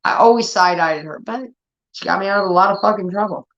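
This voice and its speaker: A woman's voice: mid-range voice, fast. A woman in her thirties telling family stories in casual, profane talk, acting out her relatives. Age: 30s. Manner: profane, animated, acts out family members. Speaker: streamer. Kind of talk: casual storytelling. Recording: dull lo-fi audio.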